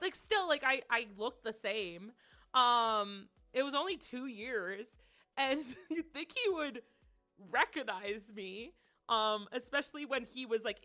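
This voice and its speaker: A young woman chats to her stream audience, giggly and animated, her voice bright and slightly high. Soft music plays faintly behind her. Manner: giggly, animated, many filler words. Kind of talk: casual storytelling chat.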